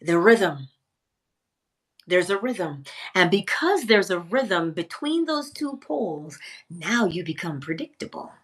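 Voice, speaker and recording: A woman teaching a spiritual lesson in a theatrical way, pausing often and dropping to a whisper for emphasis. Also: lowish voice, sing-song, fairly bright tone, breathy edge.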